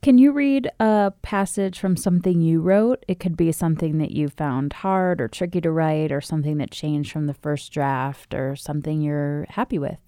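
A woman interviewer asks a plain, inviting question in a low, mellow voice. The sound is dry and close. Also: moderate pace, few pauses, no room sound. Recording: tinny phone-line sound, dry.

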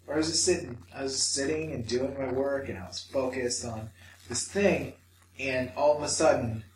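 A man's voice: medium pitch, normal speed, a little hiss or hum. A man co-hosting a podcast, telling a personal story with swearing and acted-out inner voices. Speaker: podcast co-host. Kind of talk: candid podcast chat. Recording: echoey room, mic at a distance.

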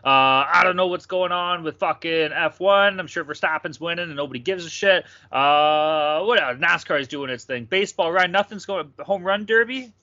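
A man's voice: on the high side, moderate pace, few pauses, bright, forceful tone, dry recording. A young man co-hosting a sports betting podcast, chatting casually with rowdy, profane banter. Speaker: podcast co-host. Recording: dull lo-fi sound, dry.

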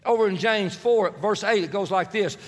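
A male pastor preaching a sermon in a relaxed, conversational way, leading the congregation in prayer. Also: high-pitched, moderate pace, long reverb tail. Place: large church sanctuary.

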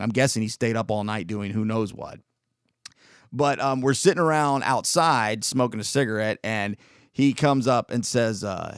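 A man's voice: medium pitch, lively intonation, a little fast, no room sound, clean studio sound. Laid-back man rambling through a story. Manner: rambling, laid-back, with frequent fillers and self-interruptions. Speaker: radio show host. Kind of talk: casual storytelling monologue.

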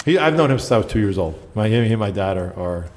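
A man's voice: lowish voice, fast, slight background noise. A middle-aged man, a basketball coach, telling stories in casual chat and acting out the people he quotes. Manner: animated storyteller, acts out quotes.

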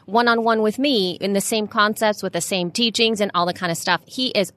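A woman co-hosting a podcast, talking in a relaxed, rambling way with fillers like "um" and "like.". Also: medium pitch, brisk. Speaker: podcast co-host and consultant. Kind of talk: casual chat.

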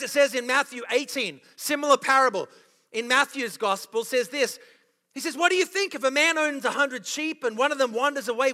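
A male pastor preaching a passionate sermon with a very high, bright voice that has a gravelly edge. He fires off rhetorical questions. The long reverb of a church auditorium trails behind him. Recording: long reverb of a large hall.

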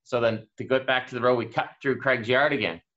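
A man from Atlantic Canada, a podcast guest, telling a casual anecdote in a relaxed way. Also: brisk. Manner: relaxed anecdotal, raises pitch for quoted voices. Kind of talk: casual storytelling. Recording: dull lo-fi sound.

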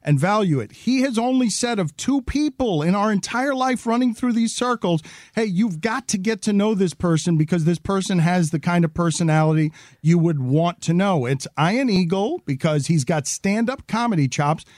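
A man's voice: high voice, animated, normal speed, darkish tone, dry recording, clean studio sound. A middle-aged male host in casual interview chat, praising his guest in long winding sentences. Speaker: show host and media company head.

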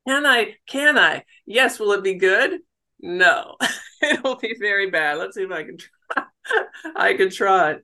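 A woman's voice: mid-range voice, animated, unhurried. A middle-aged woman from the United States, a novelist chatting in an interview, laughing easily and poking fun at herself. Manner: chatty, laughs easily, warm self-deprecating. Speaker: novelist guest. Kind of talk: casual interview talk.

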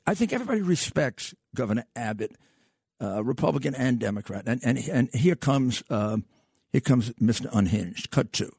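A man's voice: medium pitch, lively intonation, moderate pace, creaky, darkish tone, husky, no echo, studio quality. An older man hosting a talk radio show, speaking with emphatic, scornful repetition.

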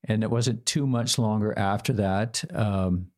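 An older man shares a personal story, his voice sitting slightly low. He speaks haltingly, with plenty of fillers and restarts, and plays out both sides of the remembered dialogue. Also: a little mellow. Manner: quotes himself and his partner in dialogue.

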